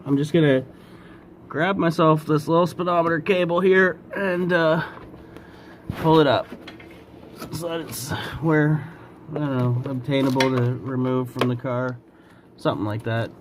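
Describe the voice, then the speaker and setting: Fairly even in intonation and on the high side in pitch, a man demonstrates a car repair in his workshop, speaking a little slowly and pausing often. His casual how-to rambles with self-corrections and heavy breathing from the work. He recorded alone with a set-up camera, and there is slight background noise.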